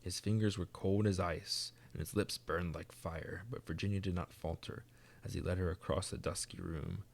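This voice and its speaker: A man narrating a classic tale in an audiobook reading. His voice sits very low with a gravelly crackle, and he keeps a measured, soft storytelling pace. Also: steady tone. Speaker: reader.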